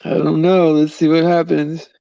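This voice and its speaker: A man's voice: on the high side, little pitch movement, moderate pace, gravelly, warm tone, dry recording, highs cut off. A man hosting a live stream, chatting loosely with viewers in a rambling way and chuckling often. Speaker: livestream host.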